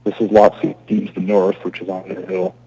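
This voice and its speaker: Husky-voiced man presenting his case. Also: deep voice, little pitch movement, warm tone, poor audio. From Alaska. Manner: halting, restarts often. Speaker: applicant. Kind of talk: public testimony at a zoning hearing.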